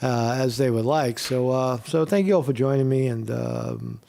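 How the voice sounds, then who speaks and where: A man's voice: medium pitch, moderate pace, vocal fry, dark tone. A man hosting a livestream, ranting in a heated, profane way and repeating himself with many fillers. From Northeast Pennsylvania. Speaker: streamer host.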